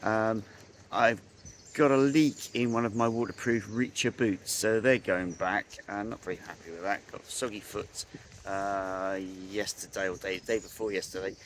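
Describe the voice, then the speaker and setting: An English man on a motorcycle trip chats casually on a video call from under a tree at a campsite, rambling with plenty of ums and uhs. His fairly low voice keeps a fairly even intonation at normal speed. Faint rural sounds and insects add slight background noise.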